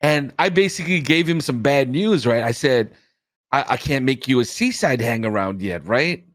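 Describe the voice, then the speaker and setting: Lively young man, dry close sound. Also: medium pitch, moderate pace, dry recording. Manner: excitable, teasing, slangy. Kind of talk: casual out-of-character chat.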